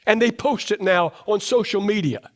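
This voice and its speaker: A middle-aged man preaching a sermon in a church, asking the congregation question after question, his voice dropping low and soft to drive points home. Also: moderate pace. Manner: emphatic, asks the congregation rhetorical questions. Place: church sanctuary.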